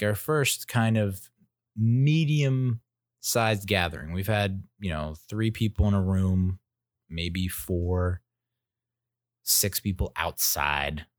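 A man's voice: deep voice, no echo, clean studio sound. A man in his thirties telling a casual story as a podcast host, rambling and self-interrupting with wry, jokey asides.

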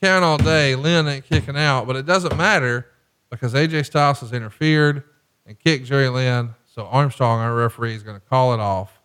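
A man's voice: mid-range voice, normal speed, a bit bright, clean tone. A man hosting a casual podcast, joking and profane as he tells stories and calls wrestling action. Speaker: podcast host. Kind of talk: casual chat and wrestling commentary.

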